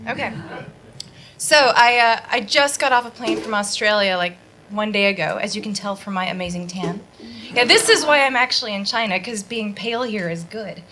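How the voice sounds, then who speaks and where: A woman's voice: medium pitch, normal speed, sharp tone. A woman from the US doing a casual, rambling stand-up set on a handheld mic, laughing at her own jokes. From Detroit, USA. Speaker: stand-up comedian. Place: bar with live audience. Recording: live club audience noise. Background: audience laughter.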